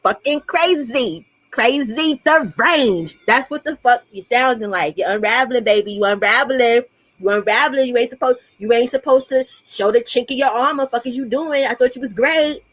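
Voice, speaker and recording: A woman's voice: fairly high pitch, no room sound, poor audio. Woman mocking, in a dry close voice. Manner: mocking, exasperated, fast-talking. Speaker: co-host. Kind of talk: casual livestream chat.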